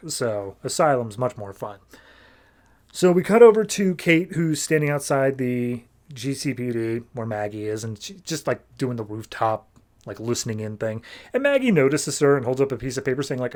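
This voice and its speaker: A young man chats his way through a comic recap in an easygoing, rambling way. He leans on "like" and paraphrases the characters in offhand asides. His voice sits in an ordinary middle pitch. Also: a little mellow. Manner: loose and chatty, heavy on "like", paraphrases characters in quick asides. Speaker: podcast host reviewing comics.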